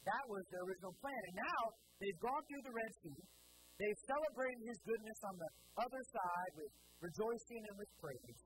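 Male pastor preaching, fairly high voice that swings all over, loud mains hum behind him. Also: moderate pace. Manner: animated, acts out the people in the stories; asks the congregation questions and answers them. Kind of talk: sermon. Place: church sanctuary.

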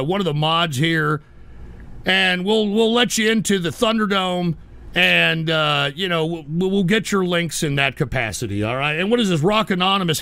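A man's voice: sits high, sharp tone, no echo. A man hosting a live stream, reading chat aloud and ranting at trolls in an exasperated way.

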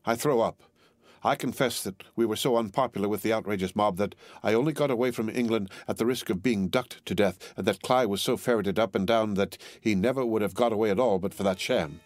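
A man voicing a slippery, smooth-talking male spy who speaks in a wheedling, evasive way. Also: on the low side, a little fast, dry recording, natural voice. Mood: defensive. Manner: wheedling, evasive, hesitant fillers.

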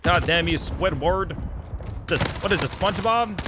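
A young man calls his own match with hyped, boastful energy, sitting a little higher in pitch than most men. He repeats short phrases over and over. Loud gunfire and explosions from the game run under his voice. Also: normal speed, background noise. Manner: hyped, trash-talking, repeats himself. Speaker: gaming YouTuber. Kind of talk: live gameplay commentary.

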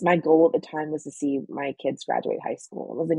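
A woman in her forties tells her story in an earnest, halting way, close to tears. Her voice is low, dark and gravelly, and very husky. The sound is dry and close. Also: wildly swooping pitch, no room sound, rough recording. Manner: earnest, emotional, halting with restarts and fillers. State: emotional, near tears. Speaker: cancer patient telling her story. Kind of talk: personal interview storytelling.

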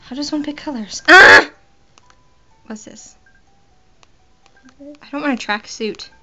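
A woman's voice: high-pitched, fairly quick, pushed and bright, soft background music. A woman giving casual, playful and profane commentary while playing a handheld game. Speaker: gamer. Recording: muffled lo-fi recording.

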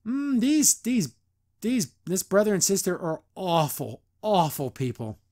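Young guy podcasting, kinda high voice, chatty and excited, laughs a lot. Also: measured pace. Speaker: podcast host. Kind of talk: casual episode review.

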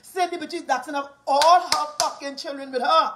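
High-voiced Bahamian woman, combative rant. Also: fairly even intonation, a little fast, noisy background. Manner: combative, profane, repetitive taunting. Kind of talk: angry rant to camera.

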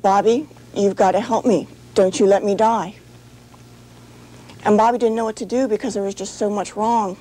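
A woman gives a personal account in a steady, measured voice. Her tone is dark and mellow, with a middling pitch. She slows down at the key moments. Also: low-quality recording. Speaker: firefighter recounting her accident. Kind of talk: personal testimony.

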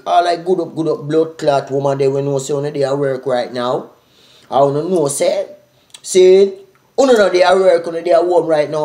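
A man with a Jamaican Patois accent giving animated, repetitive shout-outs in a casual vlog. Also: fairly high pitch, reverberant. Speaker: vlogger.

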